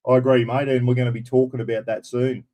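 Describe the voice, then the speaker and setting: A man's voice: mid-range voice, little pitch movement, fast talker, mellow. Blunt, chatty Australian man. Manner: blunt and chatty, mild swearing, addresses viewers as everyone and mate. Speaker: live stream host. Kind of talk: casual live-stream chat.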